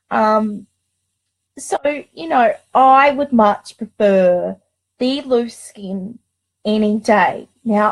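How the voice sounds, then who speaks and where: A woman's voice: on the high side, low-quality recording. A woman telling a personal story on her vlog, emotional and close to tears, rambling with many restarts. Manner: emotional, tearful, confiding. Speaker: vlogger.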